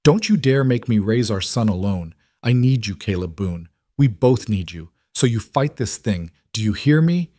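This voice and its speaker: A man's voice: on the low side, lively intonation, normal speed, few pauses, mellow, dry recording, clean studio sound. Man voicing a fierce, determined frontier wife. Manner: fierce, urgent pleading.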